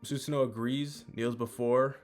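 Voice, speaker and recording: A man's voice: mid-range voice, steady tone, moderate pace, soft background music. A man casually recapping a manga chapter as host, with lots of fillers and some swearing.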